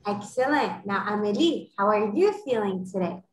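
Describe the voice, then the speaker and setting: A woman teaching an online French class to children, encouraging them and modeling phrases slowly and clearly over a video call. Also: mid-range voice, lively intonation, reverberant, rough recording.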